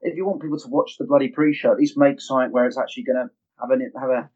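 Man, podcast co-host, emphatic and opinionated, husky voice, dull lo-fi sound. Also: mid-range voice, fairly even intonation, rapid-fire, darkish tone. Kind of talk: casual podcast chat. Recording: dull lo-fi audio.

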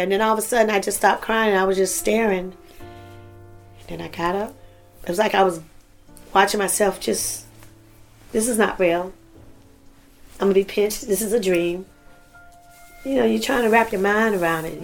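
A middle-aged woman recalling grief in an interview, halting and repeating words. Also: medium pitch, gravelly. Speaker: interviewee, victim's mother. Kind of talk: recounting interview.

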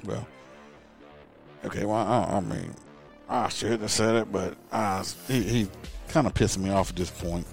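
This gravelly, fairly low voice belongs to a middle-aged man who used to be a cop. At a moderate pace and with soft music behind him, he shares a profane story on a podcast, animatedly performing both sides of the exchange.

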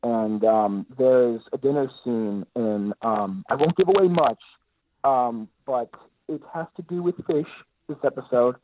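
A man's voice: medium pitch, unhurried, mellow, no room sound, low-quality recording. A man being interviewed as an actor guest, talking in an easygoing, rambling way with lots of filler words. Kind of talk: casual interview chat.

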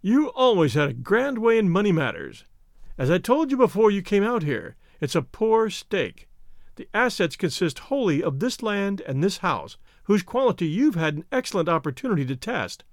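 Pompous male executor, clipped and cold, pitched a bit high, read by a male narrator. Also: sing-song, moderate pace, dry recording, clean studio sound. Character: stern pompous male executor, middle-aged. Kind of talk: audiobook reading.

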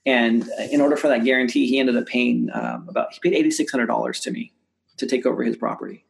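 A man speaks quickly in a gravelly voice as a guest on an interview show. He tells stories about real estate deals, repeats and restarts his words, and jumps up in pitch whenever he acts out what someone said. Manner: animated, acts out quoted dialogue with rising pitch. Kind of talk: casual storytelling in an interview.

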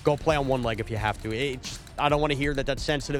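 A man's voice: mid-range voice, racing, fairly bright tone, soft background music. A man hosting a solo sports podcast, venting his frustration in an emphatic, repetitive rant.

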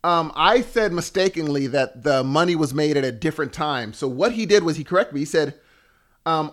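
A man co-hosting a podcast, talking casually, correcting himself and thanking listeners with a self-mocking tone. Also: on the high side. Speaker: podcast co-host.

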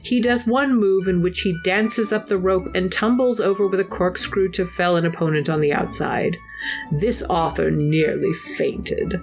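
A woman's voice: fairly low pitch, moderate pace, a little mellow, soft background music, close to an everyday voice. A woman voicing a prim Regency society gossip columnist, reading an arch, genteel report. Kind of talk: mock-formal recap reading.

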